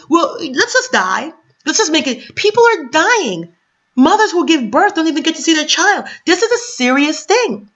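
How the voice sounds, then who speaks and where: A woman's voice: high voice, fairly bright tone. A woman from New York City reading a news article aloud on camera and breaking off into impassioned, emphatic commentary full of rhetorical questions. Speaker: commentary vlogger. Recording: dull lo-fi sound.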